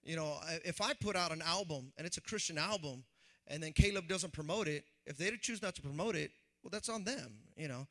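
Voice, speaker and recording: A man, a pastor, preaching a sermon in an animated, conversational way and acting out the voices he quotes. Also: a little high, a little fast.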